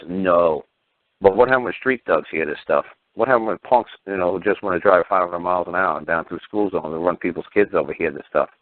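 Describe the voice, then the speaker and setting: Gruff man ranting over a phone line. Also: low voice, no echo. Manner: blunt, profane and combative, acts out courtroom exchanges. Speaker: talk show host. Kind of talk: ranting radio call-in talk. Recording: tinny phone-line audio.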